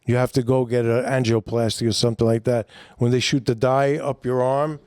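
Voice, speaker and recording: A middle-aged man with a New York accent, a comedian guest telling a long story in a rambling, animated way with lots of fillers. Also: mid-range voice, a little fast, clean tone, dry recording, clean studio sound. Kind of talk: casual storytelling.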